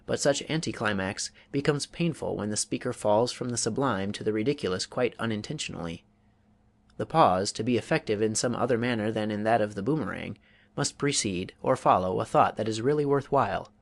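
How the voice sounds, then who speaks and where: A man reading a public speaking manual aloud as an audiobook, in a measured, deliberate way with pauses. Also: fairly low pitch, gravelly. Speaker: audiobook reader.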